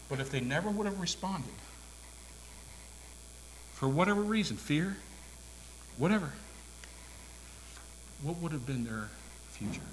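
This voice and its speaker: A man preaching a sermon in a church, swinging between hushed whispers and loud, climactic calls. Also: on the high side, lively intonation, unhurried, long pauses, slight background noise, poor audio. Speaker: pastor. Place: church sanctuary.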